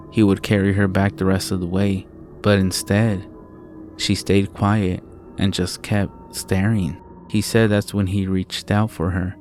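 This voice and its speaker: A man narrating a first-person horror story in a low, steady storytelling manner, swearing often.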